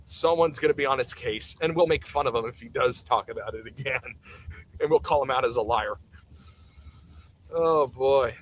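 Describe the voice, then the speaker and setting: A man's voice: medium pitch, normal speed, rough recording. A man ranting bluntly and sarcastically during casual livestream commentary. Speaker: streamer.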